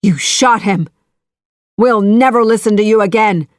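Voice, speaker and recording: A woman voicing a loyal young sailor who shouts in fury, in a children's audiobook reading. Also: mid-range voice, a little slow, no room sound, clean studio sound, voice pushed up, close to an everyday voice. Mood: furious.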